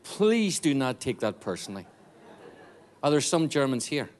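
A man's voice: mid-range voice, very animated, normal speed, darkish tone. A middle-aged man with a Northern Irish accent, a guest missionary preaching a joking, fervent sermon to a church congregation. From Northern Ireland. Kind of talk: sermon with jokes.

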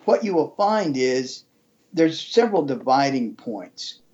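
A man's voice: mid-range voice, big pitch swings, unhurried, a little mellow. Guy hosting a talk, reflective, sums things up, a bit lo-fi sounding. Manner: reflective, checks understanding with his guest. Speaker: host. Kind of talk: interview discussion.

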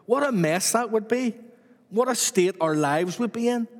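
A man's voice: sits high, animated, normal speed, in a large hall. A man preaching a sermon to his church with repetitive, rhythmic emphasis.

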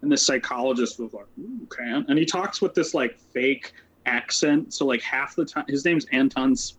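A social worker being interviewed tells his story in a loose, rambling way, full of "like," "um," and quick asides. He speaks at a medium pitch with a fairly bright tone, though the audio is muffled.

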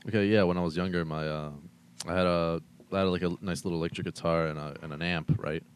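Man, very low voice, casual chat, fumbling, faint background noise. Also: steady tone, fast. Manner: loose, fumbles for words. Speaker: guest.

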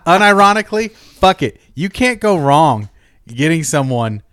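A man hosting a casual podcast chat, talking in an animated, jokey way and swearing freely. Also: on the high side, measured pace, smooth, no echo, clean studio sound. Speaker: podcast host.

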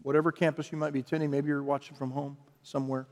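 A man's voice: a little high, flat delivery, fast, a little mellow. A male pastor preaching a sermon in a conversational style that builds into emphatic, repeated phrases. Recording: long reverb from a large hall.

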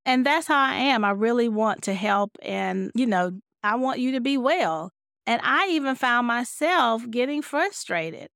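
A woman's voice: on the high side, unhurried, vocal fry, clear, resonant tone, no echo, clean studio sound. A woman physician speaking candidly about burnout in a conversational talk, now and then acting out her own thoughts. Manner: candid, animated, acts out quoted thoughts.

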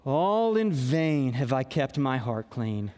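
A man putting on a gloomy, self-pitying old male donkey with a low, mopey drone while quoting scripture. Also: big pitch swings, slow, warm tone, in a large hall. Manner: mopey, droning.

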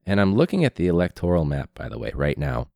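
Deep-voiced hoarse male teacher, sarcastic. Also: big pitch swings, fast, dark tone, dry recording, studio quality. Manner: sarcastic, profane, mocking. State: hoarse throat after illness. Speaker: high school teacher. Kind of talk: casual ranting monologue.

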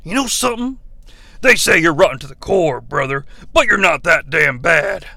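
A swaggering veteran wrestling star, played by a man, barks his lines in a gruff, lowered voice. He calls everyone brother and struts through every word. The sound is dry and close-miked. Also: expressive, normal speed, pushed and bright, dry recording, full character voice.

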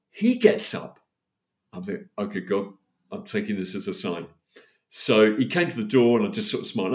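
A man, a podcast guest telling a story in casual chat, acting out the voices of the people he quotes. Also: lowish voice. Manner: animated, acts out quoted dialogue.

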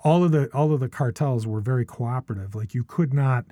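There's a warm tone to this middle-aged man's medium-pitched voice as he tells casual stories at a fairly quick pace on a podcast. Rambling and restarting, he tacks questions onto sentences and swears often; the studio sound is clean, without echo.

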